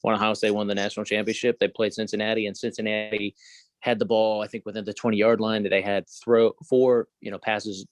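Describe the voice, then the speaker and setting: A man's voice: fairly low pitch, little pitch movement, brisk, no room sound. A man co-hosting a podcast in casual sports chat, rambling and hedging through trivia asides. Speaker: podcast co-host.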